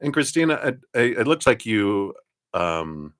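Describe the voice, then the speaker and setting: A man giving tarot readings on a live stream, chatty and giggly, laughing often and talking warmly about spirit and love. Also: on the low side, very animated, a little slow, dry recording, studio quality. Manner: warm, affirming, spiritual talk. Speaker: tarot card reader.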